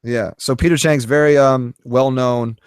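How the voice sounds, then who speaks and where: Dry-sounding podcast co-host. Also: male voice, mid-range voice, clean tone, no room sound. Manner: relaxed, chatty recounting with quick agreeing asides. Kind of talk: casual sports and news podcast chat.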